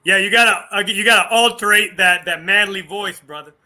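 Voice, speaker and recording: A man's voice: high-pitched, brisk, very noisy. A man co-hosting a radio interview, speaking in a friendly, coaxing way.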